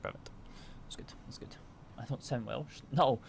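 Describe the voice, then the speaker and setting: A man's voice: mid-range voice, wildly swooping pitch, moderate pace, gravelly, slight background noise. A man from the United Kingdom, chatting casually with his viewers while flying a simulator, reading numbers and checklist items aloud between remarks. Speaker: flight sim streamer.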